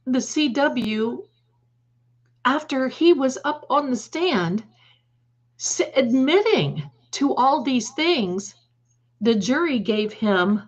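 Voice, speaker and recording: A woman hosting a live stream, chatting casually in a rambling, emphatic way and often correcting herself mid-sentence. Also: on the high side. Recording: dull lo-fi stream audio.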